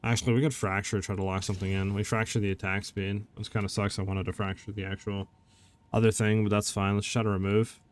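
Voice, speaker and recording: Laid-back streamer man, low voice. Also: little pitch movement, quick pace, smooth. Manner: laid-back, chatty, talks to chat. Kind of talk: casual live-stream chat while gaming.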